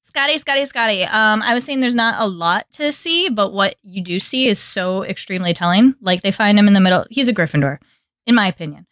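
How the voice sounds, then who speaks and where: A young woman co-hosting a podcast in casual chat, animated and laughing often as she acts out scenes. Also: mid-range voice, fairly quick, no echo, clean studio sound. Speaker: podcast co-host.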